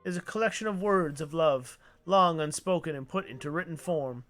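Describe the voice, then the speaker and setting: A man's voice: a little high, brisk, fairly bright tone, soft background music, pitched above the performer's own voice, natural voice. A man voicing a fussy old male inventor of picture boxes, speaking in formal, flowery old-fashioned phrases. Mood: grandiose.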